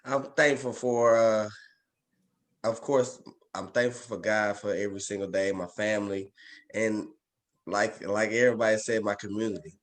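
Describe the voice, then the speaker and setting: A man's voice: fairly low pitch, steady tone, moderate pace. A man on a video call, speaking sincerely and steadily about his gratitude. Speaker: call participant. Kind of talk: casual sharing.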